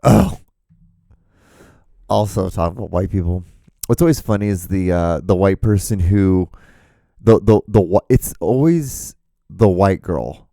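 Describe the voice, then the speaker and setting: A man's voice: low voice, unhurried, creaky, long pauses, dark tone, dry recording, clean studio sound. A man hosting his own solo podcast, rambling jokily and swearing freely in a casual monologue. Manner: rambling, profane, jokey. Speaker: podcast host.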